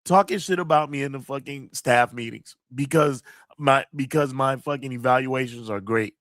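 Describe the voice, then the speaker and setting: A college teacher hosts a livestream, reading chat comments and venting emphatically with plenty of profanity. His voice is medium-pitched and fairly bright at a normal speed, and the studio sound is clean with no room tone.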